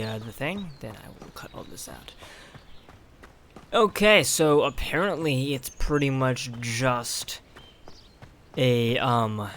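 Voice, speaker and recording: A man's voice: medium pitch, a bit bright, a little hiss or hum. A man giving casual let's play commentary on a video game, rambling with many fillers and frustrated asides. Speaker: gameplay youtuber. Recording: game music underneath.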